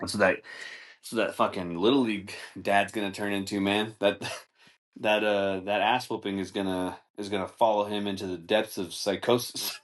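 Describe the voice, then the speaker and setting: A man hosting a comedy podcast, telling a story in a casual, animated way, swearing often and acting out the people in it. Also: normal speed. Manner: animated, swears, laughs, voices others in raised pitch. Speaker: podcast host.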